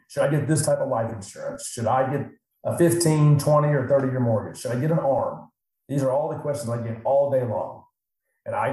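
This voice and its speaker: Recorded in a very echoey room, a middle-aged man speaks in a dark-toned, medium-pitched voice. He works as a financial advisor and chats casually and animatedly on a podcast, frequently putting on his clients' voices.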